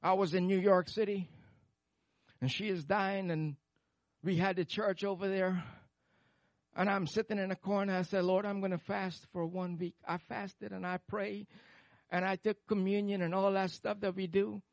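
High-voiced fervent preacher man. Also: flat delivery, normal speed, vocal fry, no room sound. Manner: fervent, swings from shouting praise to hushed storytelling. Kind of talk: sermon. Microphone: handheld microphone.

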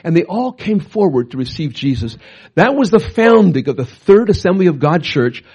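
A middle-aged male pastor preaches through a long story with a husky, slightly raised voice. He talks in animated bursts and often restarts his sentences. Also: sits high, normal speed, lo-fi sound. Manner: animated, bursts into loud acted quotes, frequent restarts. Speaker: pastor and missionary. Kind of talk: storytelling sermon.

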